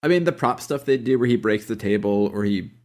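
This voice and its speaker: A man's voice: mid-range voice, brisk, darkish tone. A man co-hosting a casual podcast, blunt and sarcastic in his remarks. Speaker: podcast co-host. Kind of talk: casual chat.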